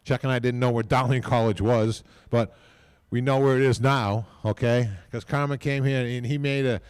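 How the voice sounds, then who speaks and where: A man's voice: medium pitch, fairly even intonation, moderate pace, a little mellow, clean tone. Folksy older man. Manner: rambling, folksy, repeats "okay?" and phrases. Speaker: team owner speaking at a hall of fame ceremony. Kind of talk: casual off-the-cuff speech.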